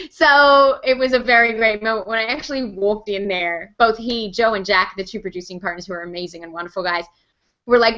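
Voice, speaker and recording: Bright chatty woman on a call. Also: medium pitch, lo-fi sound. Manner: chatty, animated storyteller, quick laughs. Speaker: voice actor and host. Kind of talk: casual interview chat.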